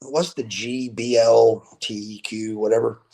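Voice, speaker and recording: A man in his fifties, a guest on a video call, telling stories in a casual, animated way and swearing freely. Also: mid-range voice, slow, gravelly, a loud crowd. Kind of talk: casual storytelling interview.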